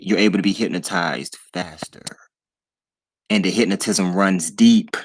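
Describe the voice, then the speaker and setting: A man's voice: deep voice, measured pace, husky, no echo. A man, talking casually to his viewers in a preachy way, repeating himself and calling them y'all. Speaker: channel host.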